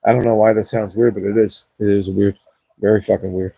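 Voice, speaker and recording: A man's voice: fairly low pitch, level tone, brisk, vocal fry, mellow, no echo. A young man chatting casually at the end of his gaming livestream, laid-back, rambling and cursing often, on a cheap wireless mic.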